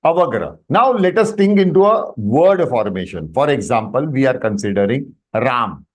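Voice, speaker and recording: A man's voice: medium pitch, very animated, moderate pace. A man with an Indian English accent teaching an online language class, patiently drawing out and repeating each pronunciation and checking that students follow. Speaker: Sanskrit teacher.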